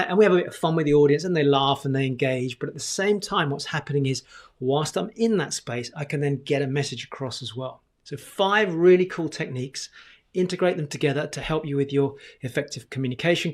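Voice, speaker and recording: A man coaching on communication, speaking straight to camera in an energetic, conversational way. He keeps posing questions to himself as he teaches, and his voice sits on the higher side for a man.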